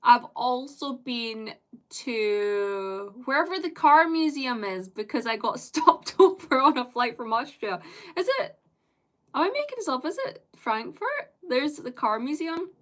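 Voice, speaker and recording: A woman's voice: high voice, expressive, unhurried, a bit bright. A British woman live-streaming, chatting casually with viewers in a rambling way and laughing often.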